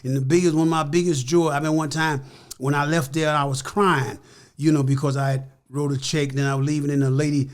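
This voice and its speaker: A man's voice: a little high, little pitch movement, brisk. An older American man talking as a guest in a casual interview, earnest and full of "you know" and "like I said.".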